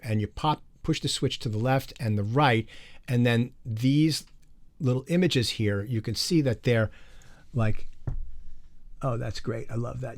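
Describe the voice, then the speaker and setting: A man teaching an online music production class, explaining microphones in a casual way while he demonstrates the gear. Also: mid-range voice. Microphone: studio condenser microphone, moved around.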